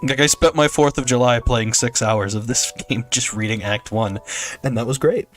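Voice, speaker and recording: A man's voice: mid-range voice, moderate pace, faint music behind. A young man chatting casually on a game stream, rambling and joking with frequent laughter. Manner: rambling, jokey, laughs often. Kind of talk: casual gameplay stream chat.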